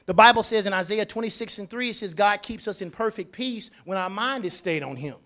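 A man preaching a sermon, repeating phrases and swinging from quiet asides to loud declarations. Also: sits high, a little fast. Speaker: pastor.

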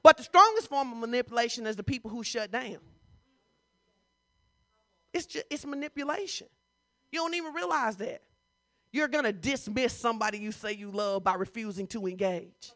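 Speaking at a normal pace with long pauses, this slightly high-voiced woman pastor preaches conversationally. She asks many rhetorical questions and swells into loud, emphatic bursts, and the recording has no room sound.

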